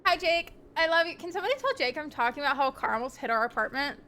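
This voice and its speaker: A woman's voice: high-pitched, lively intonation, very fast, bright, forceful tone, slight background noise. A young woman streaming live, chatting casually with her viewers in a rambling, giggly way with lots of ums.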